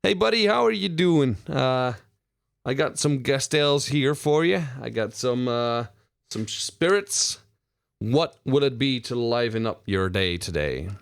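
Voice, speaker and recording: A folksy, chummy tavern bartender with a gravelly edge, as a man puts him on. His voice swings high and lively, and it is recorded close and dry. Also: measured pace, no room sound. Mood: friendly. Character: gruff-friendly male tavern bartender.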